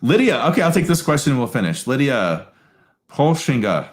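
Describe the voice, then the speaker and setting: Animated man teaching astrology. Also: medium pitch. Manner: animated, emphatic, quick asides, laughs easily. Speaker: astrologer hosting a live session. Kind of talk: live teaching talk with audience questions.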